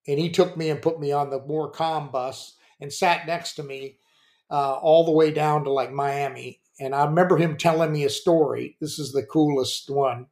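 An older man, a former pitcher and coach, telling rambling stories on a podcast with plenty of restarts and fillers. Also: fairly even intonation, normal speed, darkish tone. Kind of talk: casual storytelling.

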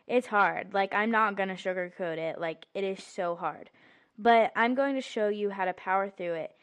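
A woman hosting a podcast, giving an earnest, casual faith talk full of "like" fillers. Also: medium pitch. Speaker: podcast host.

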